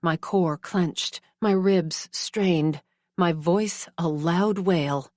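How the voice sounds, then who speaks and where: A woman narrating a dark romance in first person, anguished and at times breathy. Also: fairly low pitch, drawn-out words, no room sound, clean studio sound.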